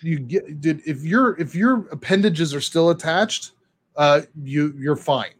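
A man in his forties with a slightly higher-pitched voice co-hosts a casual podcast. He tells brisk stories and acts out the people in them. He grew up in Southern California. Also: breathy edge. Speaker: podcast co-host. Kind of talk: casual anecdotal chat.

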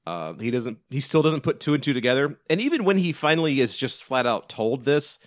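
A man's voice: medium pitch, very animated, brisk, no echo, studio quality. A man, co-hosting a casual movie podcast, rambling with frequent restarts and fillers and the odd swear. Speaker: podcast co-host. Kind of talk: casual movie review chat.

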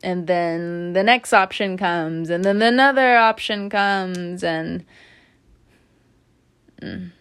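A woman giving a casual spoken tarot reading, chatty and animated, often breaking into laughter, recorded indoors at home. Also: on the low side, slow, pauses often, clear, resonant tone. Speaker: tarot reader.

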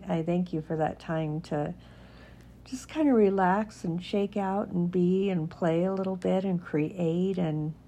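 A middle-aged woman in casual devotional chat who reads her own short piece in a soft, unhurried, gentle way. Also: fairly low pitch. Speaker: Christian writer. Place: home cabin indoors.

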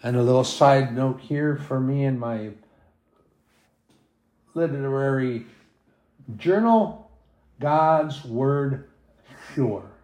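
A man's voice: mid-range voice, takes it slowly, pauses often, a little mellow. A man preaching a sermon at home, reading scripture aloud and asking emphatic rhetorical questions. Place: at home with his dogs.

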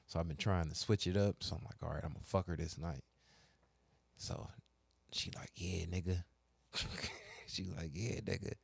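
A low-pitched man, recorded close and dry with no room sound. He tells crude stories in casual chat, profane and animated, acting out both sides of each exchange. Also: moderate pace, gravelly, pauses often, breathy edge, dry recording. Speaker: podcast co-host telling stories.

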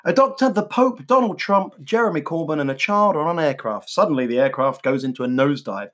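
A man's voice: on the high side, animated, fast talker, fairly bright tone. A man co-hosting a comedy podcast, telling jokes in a playful, self-mocking way. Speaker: podcast co-host.

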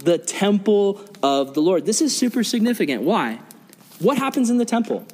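Young male pastor, earnest, quizzes the room; slightly high voice, echoing hall. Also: big pitch swings, normal speed, a little mellow, slightly rough. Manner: questions the audience, earnest. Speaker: youth pastor. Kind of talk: sermon. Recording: long reverb of a hall.

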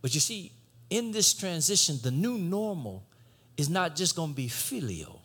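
A man preaching a sermon, swinging from shouted exhortation to low conversational teaching. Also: very animated, normal speed, husky.

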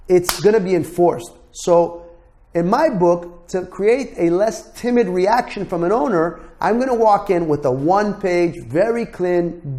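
A blunt, emphatic man lecturing students as a real estate broker and instructor. His voice sits fairly high for a man, and he hammers points home by repeating words and swearing freely. He talks to the class directly, like a no-nonsense mentor. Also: darkish tone.

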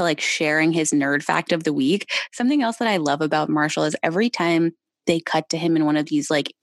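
Casting: woman co-host, slightly low voice, laughs a lot, swears, dry close sound. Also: no room sound. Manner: giggly, swears freely, jokey. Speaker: podcast co-host. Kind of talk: casual chat.

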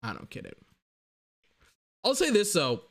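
A man ranting casually to camera about a TV series, rambling and animated, with lots of restarts and fillers. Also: sits high, unhurried. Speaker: vlogger reviewing a TV series.

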